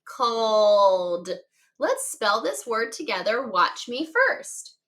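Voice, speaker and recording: Teaching young kids phonics, a woman with a slightly high, fairly bright voice speaks in a sing-song way. She's patient and encouraging, slowly spelling out each word letter by letter and praising them cheerfully.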